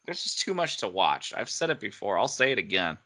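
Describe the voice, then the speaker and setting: A man's voice: lowish voice, big pitch swings, a little fast, pushed and bright. A man co-hosting a casual podcast chat, joking and laughing often as he talks about his audio drama project.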